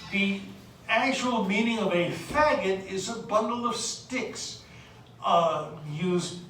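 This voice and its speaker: A woman from the United States lecturing on literature, unhurried and hesitant, filling pauses with "uh" and reading verse aloud. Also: mid-range voice, fairly bright tone, slight background noise. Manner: unhurried, hesitant with many fillers, reads poetry aloud. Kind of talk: recorded lecture. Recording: very echoey room, distant mic.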